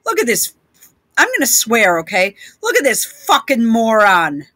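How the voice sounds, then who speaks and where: A woman's voice: on the high side, wildly swooping pitch, unhurried, pushed and bright. A woman vlogger giving rambling, blunt commentary over video clips, with many restarts and frequent swearing. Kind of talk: casual commentary while playing clips.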